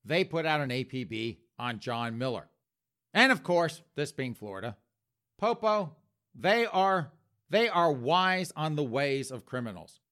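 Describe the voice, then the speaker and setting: A male comedian tells a story with punchy, animated delivery and a fairly high voice. His pitch leaps around a great deal. The tone is bright and forceful. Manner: punchy, addresses the audience as folks.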